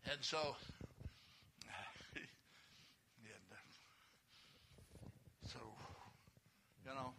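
An older man preaching a sermon in a folksy storytelling way, chuckling often, with a gravelly voice. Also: on the high side, huge pitch swings, drawn-out words, long pauses, noisy background.

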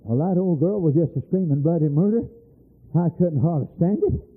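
Older preacher, husky and rough, swooping voice, folksy and fervent, on tinny old tape. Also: male voice, a little high, lively intonation, a little fast. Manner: impassioned, storytelling, folksy.

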